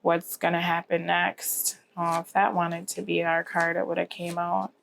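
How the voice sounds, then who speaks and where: Tired, low-voiced woman tarot reader. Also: level tone, moderate pace, creaky, fairly bright tone, slight background noise. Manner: rambling, repeats "okay?". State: tired, yawning. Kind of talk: casual tarot reading to camera.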